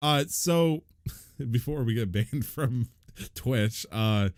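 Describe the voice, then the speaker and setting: A man's voice: medium pitch, slow pace, no echo, clean studio sound. A man hosting a casual podcast, joking and laughing as he chats with his co-hosts. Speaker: host.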